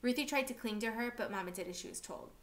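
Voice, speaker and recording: A woman reading a novel aloud for a class, steady and expressive. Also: on the high side, fast.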